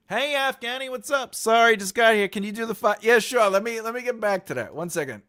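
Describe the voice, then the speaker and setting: A man's voice: extremely high pitch, expressive, fairly quick, hardly any pauses, a bit bright, smooth. A middle-aged man hosting a casual livestream, playful and laughing often, with bursts of mock-epic proclamation. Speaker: livestream host.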